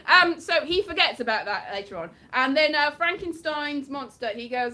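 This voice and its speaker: A woman hosts a casual livestream, talking to her viewers in a rambling, chatty way with frequent laughs. Her voice sits high and bright, with a crisp edge. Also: animated, normal speed, hardly any pauses.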